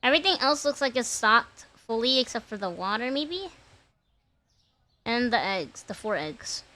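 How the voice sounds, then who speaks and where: A young woman streamer chatting casually to her viewers while gaming, playful and crude and quick to laugh. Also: a little high, expressive, bright, forceful tone.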